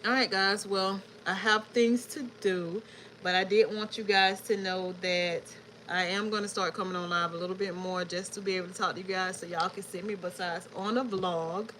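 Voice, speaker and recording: A woman's voice: medium pitch, normal speed, low-quality recording. Chatty woman livestreaming. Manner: chatty and relaxed, addresses viewers as y'all. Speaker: book vlogger hosting a livestream. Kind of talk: casual livestream chat with viewers. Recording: faint background noise.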